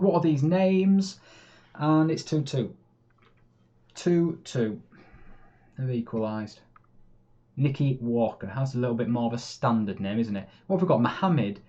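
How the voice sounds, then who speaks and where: Exasperated gamer commentating. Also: male voice, medium pitch, highs cut off. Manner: chatty, swings between calm and exasperated. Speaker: gaming YouTuber. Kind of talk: live game commentary.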